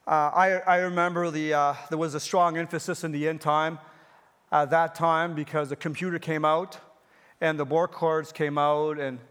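Male pastor in his fifties with a high voice, preaching earnestly in a church with long reverb. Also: little pitch movement, moderate pace, fairly bright tone, clear, resonant tone. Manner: earnest, personal preaching with repeated phrases. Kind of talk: sermon.

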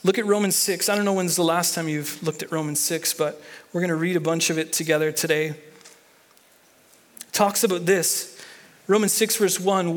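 A man's voice: high-pitched, moderate pace. A man preaching a sermon as pastor, talking conversationally, repeating key lines and restarting words, and leading the congregation in reading aloud. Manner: leads the congregation in reading and call-and-response.

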